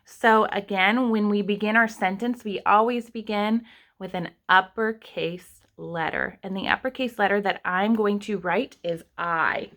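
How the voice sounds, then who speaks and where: A young woman teacher talks at an unhurried, deliberate pace, stretching out each sound of a word for little learners. Her pitch sits in an ordinary middle range, and her tone stays patient and explanatory throughout. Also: a bit bright. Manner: slow, sounding out words step by step. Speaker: kindergarten teacher. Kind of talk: online writing lesson.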